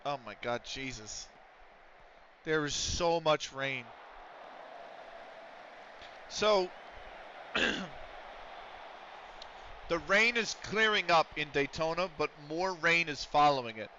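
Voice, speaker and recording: Male streamer, bright, sharp voice, casual and profane, chat-reading and commentary, dull mic. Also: fairly high pitch, lively intonation, slow pace, long pauses, a little hiss or hum. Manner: swears freely, chats with viewers between play-by-play calls.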